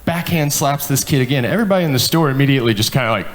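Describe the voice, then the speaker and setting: A man in his thirties doing profane stand-up storytelling on a club stage, animated and acting out quotes. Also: medium pitch, rapid-fire, heavy background noise. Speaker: stand-up comedian. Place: comedy club stage with laughing audience. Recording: live club with audience laughter.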